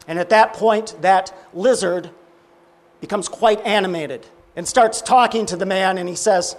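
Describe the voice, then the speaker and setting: A man preaching, telling a parable and acting out its dialogue, often dropping low and quiet. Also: moderate pace. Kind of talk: sermon storytelling.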